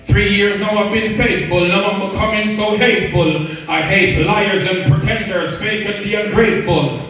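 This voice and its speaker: A man's voice: high-pitched, steady tone, moderate pace, a bit bright, soft background music. A man voicing a bitter, vengeful young woman, speaking her lines in rhyme within his poem. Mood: furious. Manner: bitter, threatening, recited in rhyme. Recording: echoey, distant from the mic.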